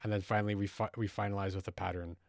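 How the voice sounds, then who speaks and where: Low-voiced man teaching music production. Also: level tone, racing, gravelly, dry recording, clean studio sound. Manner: patient, explains step by step and keeps checking in with "right?". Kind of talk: explanatory music tutorial.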